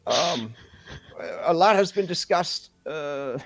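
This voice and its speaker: A man's voice: on the high side, expressive, takes it slowly, a bit bright, no echo. A man narrating as game master in a casual way, with many fillers.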